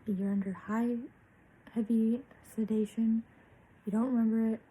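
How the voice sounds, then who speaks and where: A woman's voice: fairly high pitch, level tone, unhurried, mellow, slightly rough, poor audio. A young woman vlogger telling a personal story in a candid, chatty way, swearing freely.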